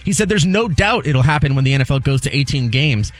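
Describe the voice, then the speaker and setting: A man's voice: mid-range voice, expressive, fast talker. Man reading sports headlines. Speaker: radio co-host reading news items.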